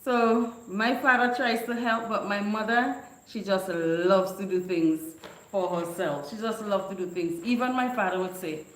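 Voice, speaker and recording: Casting: woman vlogger, animated storyteller, laughs a lot, roomy echo. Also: medium pitch, a little slow, a little hiss or hum. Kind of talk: casual storytelling chat. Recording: echoey room.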